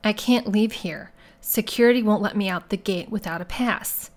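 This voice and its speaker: A woman's voice: mid-range voice, normal speed, lightly acted. A woman voicing Kay, a tired, defensive woman in her forties, in an audiobook reading.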